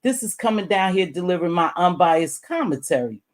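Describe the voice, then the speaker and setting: A middle-aged woman doing commentary straight to camera, blunt and animated, calling her listener "baby" and cursing freely. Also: a little fast. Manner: blunt and animated, swings high and loud when making a point. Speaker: YouTube commentator. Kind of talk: direct-address commentary vlog.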